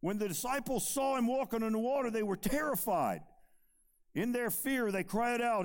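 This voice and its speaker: A preacher man who moves from loud, ringing emphasis to hushed, low asides. His voice is pitched fairly high for a man and rises and falls sharply, full of expressive movement. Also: brisk. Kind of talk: sermon.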